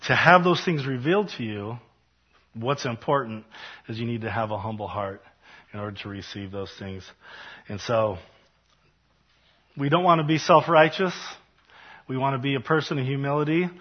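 A man leading a Bible study and closing prayer, earnest and repetitive, with frequent fillers and soft trailing endings. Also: fairly high pitch, muffled recording.

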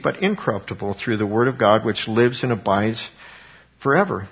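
A man teaching from the Bible in a conversational, earnest way, rising in pitch when he quotes scripture. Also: expressive, normal speed, husky, muffled recording. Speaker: preacher.

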